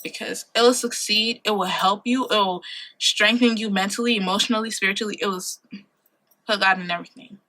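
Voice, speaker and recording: A woman's voice: mid-range voice, steady tone, a little fast, sharp tone. A woman in her late twenties giving earnest life advice in a casual vlog, repeating her key points for emphasis and tossing in slangy asides. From Ohio, USA. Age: late 20s. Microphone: compact camera mic.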